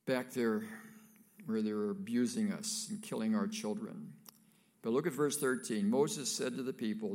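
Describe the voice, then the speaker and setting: A man preaching from the pulpit, his voice carrying a gravelly, slightly fried texture. He reads the scripture aloud, then drops into plain, friendly asides to the congregation before picking the text up again. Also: fairly low pitch, moderate pace, a little mellow. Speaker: pastor. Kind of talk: sermon.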